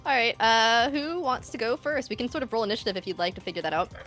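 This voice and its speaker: Woman game master, bright voice, casual and giggly, faint music behind. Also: fairly high pitch, lively intonation, fast. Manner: giggly, casual, many fillers. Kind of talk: narrating a tabletop game.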